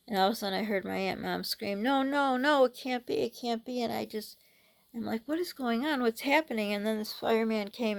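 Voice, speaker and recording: Gravelly-voiced woman telling a personal story. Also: medium pitch. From United States. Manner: halting, many restarts and fillers. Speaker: vlogger.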